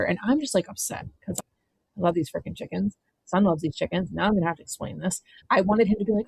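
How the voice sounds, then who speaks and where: A woman in her thirties from Maryland, a podcast guest telling a story in a blunt, animated way and swearing freely. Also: fairly low pitch, fast, vocal fry, breathy edge, no echo, rough recording. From Maryland, USA. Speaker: podcast guest, vineyard owner. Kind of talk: casual chat, storytelling.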